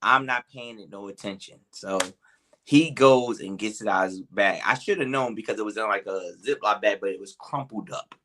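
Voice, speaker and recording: A man's voice: lowish voice, moderate pace, bright, forceful tone. A man co-hosting a podcast, telling a story in loose, rambling casual chat. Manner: laid-back, loose and rambling, with fillers. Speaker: podcast co-host.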